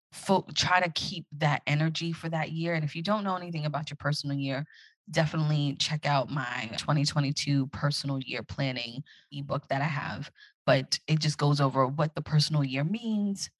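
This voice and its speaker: Woman, podcast host, low voice, husky, dry close sound, casual, reflective. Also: normal speed, dry recording. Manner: chatty, reflective, encouraging listeners; acts out her own excited inner voice. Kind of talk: casual solo podcast talk.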